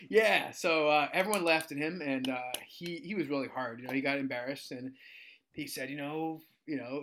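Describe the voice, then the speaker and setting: Animated man telling funny stories. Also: brisk. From United States. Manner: animated, acts out quoted voices, jumps in pitch. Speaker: guest storyteller. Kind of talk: casual storytelling chat.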